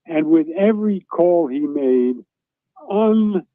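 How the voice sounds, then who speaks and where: A man, a former racing reporter, telling a lively story as a guest on a talk show and acting out the shouts he remembers. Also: medium pitch, unhurried, dry recording. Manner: animated anecdotal storytelling, acts out shouts. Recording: dry tinny phone line.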